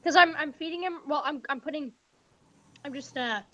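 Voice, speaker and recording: A woman's voice: high voice, moderate pace, a bit bright. A woman in a casual stream chat, chatty and easily distracted. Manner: chatty, easily distracted, keeps aside remarks going.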